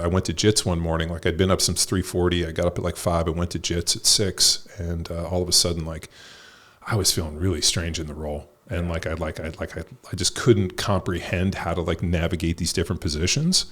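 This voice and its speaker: A man hosting a podcast, telling a story in blunt, profane, animated casual chat. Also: low-pitched, brisk. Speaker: podcast host.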